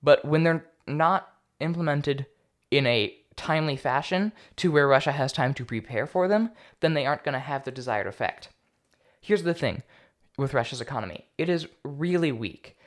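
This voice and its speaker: A man's voice: fairly high pitch, animated, moderate pace. Young man with a sarcastic podcast voice. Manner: casual, sarcastic, stumbles over foreign names. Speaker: podcast host. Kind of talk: solo political commentary podcast.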